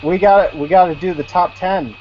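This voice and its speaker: A man's voice: sits high, a little fast. A man co-hosting a video call, steering the talk back to the chat questions and reading them aloud. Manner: keeps the show on track, reads questions aloud. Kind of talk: casual online chat. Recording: muffled call audio with faint noise.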